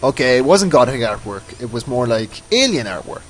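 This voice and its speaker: A man's voice: medium pitch, sing-song, moderate pace, low-quality recording. A man giving casual, rambling commentary over his own gameplay, often mocking himself. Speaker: let's play host.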